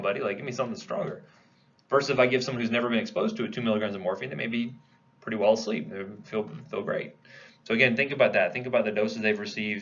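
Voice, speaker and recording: On a muffled recording, a man with a low-leaning voice gives a pharmacology lecture. His style is conversational, and he asks the class questions he then answers himself.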